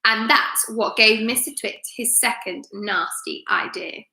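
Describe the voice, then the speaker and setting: A woman teacher reads a children's story aloud in a fairly high, bright voice. She narrates expressively and drops in chatty asides. A roomy echo hangs around her. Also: a little slow, vocal fry.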